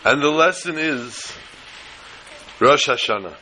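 A man preaching a sermon, telling a parable in an animated storytelling manner with dramatic pauses. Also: fairly high pitch, a little hiss or hum, poor audio.

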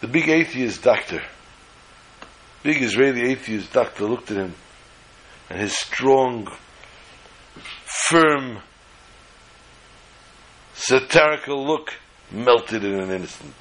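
A man's voice: medium pitch, animated, slow pace, pauses often, fairly bright tone, low-quality recording. A man telling a story in a sermon, acting out the dialogue with animation.

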